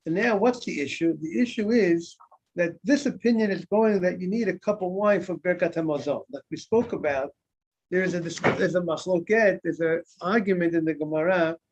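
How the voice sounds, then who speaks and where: A man's voice: sits high, normal speed, darkish tone. A man, a rabbi, teaching an informal Talmud class, often repeating words and asking his students questions that he then answers himself. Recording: dull lo-fi recording.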